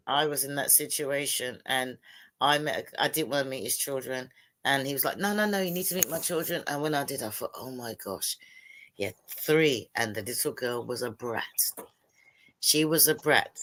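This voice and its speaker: A woman and single mother in casual panel talk on a video call, telling stories and acting out what people said. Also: rumbling low. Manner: animated storyteller acting out quotes.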